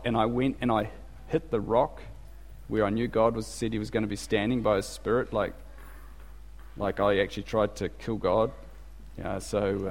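A man playing Moses as an angry man making a low, subdued confession, in a church with long reverb. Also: natural voice.

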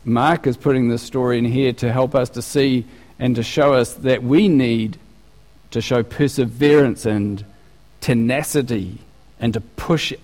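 A man preaching a sermon in an animated, conversational way, often restarting his sentences. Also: mid-range voice. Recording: long reverb of a large hall.

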